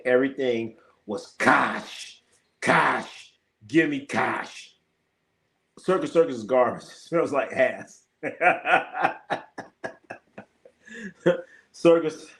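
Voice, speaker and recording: A man's voice: medium pitch, fairly bright tone. A man hosting a live sports stream, chatting casually and telling profane stories, laughing often and acting out the voices of people he quotes. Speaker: live sports show host.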